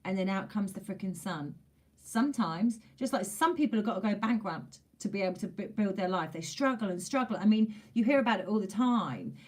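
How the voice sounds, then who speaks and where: Fairly quick and expressive, this woman's medium-pitched voice has a darkish tone. She gives a chatty, emphatic tarot reading straight to camera, repeating phrases to make her points and occasionally swearing mildly.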